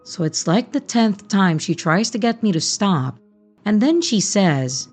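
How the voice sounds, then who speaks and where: A woman's voice: mid-range voice, big pitch swings, a little slow. A woman narrating a horror story with dry, wry asides. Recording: soft music bed underneath.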